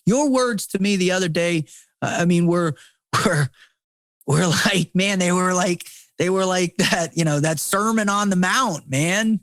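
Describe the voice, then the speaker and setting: A middle-aged former Navy SEAL, appearing as a podcast guest, speaks intensely and preachily, swearing a lot, repeating words and saying "man." His high voice is a bit bright and measured in pace, with no room sound, in an impassioned casual conversation.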